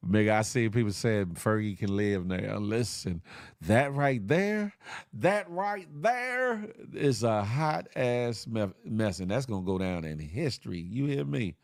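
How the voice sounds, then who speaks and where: A man's voice: mid-range voice, lively intonation, a little slow, no echo, clean studio sound. A man hosting a live online show, chatting casually with viewers in a loose, joking way, full of slang and sound effects. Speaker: livestream show host.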